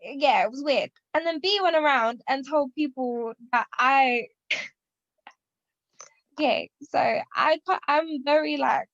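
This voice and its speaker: Co-hosting a casual podcast, a woman in her twenties rambles animatedly through a story, performing other people's quotes. Her high voice is unhurried with hardly any pauses, and the audio is dull with no echo.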